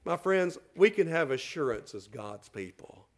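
A middle-aged man preaching a sermon as pastor, repeating words as he builds a point and swinging from loud calls to soft, tender lines. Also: on the high side, big pitch swings, measured pace.

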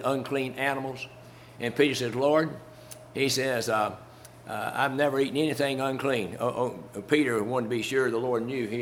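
Male preacher, mid-pitched, folksy and conversational, light chuckles, faint hum behind. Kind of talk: sermon.

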